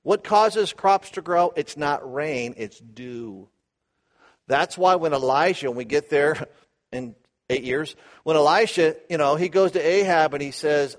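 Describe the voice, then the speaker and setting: A man teaching the Bible verse by verse, animated, asking his listeners questions and acting out the quotes. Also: fairly high pitch, measured pace. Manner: animated, asks the audience questions, acts out quotes.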